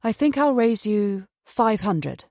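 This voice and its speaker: A woman voicing a poised card player with a smooth, honeyed voice, slow and calm. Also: mid-range voice, no room sound, studio quality. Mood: cool. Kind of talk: audiobook character voice.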